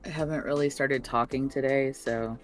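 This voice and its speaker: A woman's voice: rumbling low, steady tone, moderate pace, faint music behind, poor audio. A woman in her morning voice, chatting casually as a guest on a stream, rambling with lots of fillers. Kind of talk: casual chat.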